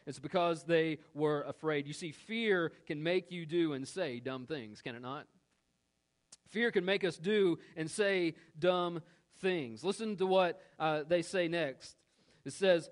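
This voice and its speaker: A male pastor preaching a sermon, reading scripture and acting out the grumbling crowd in a casual, animated way. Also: a little high, moderate pace.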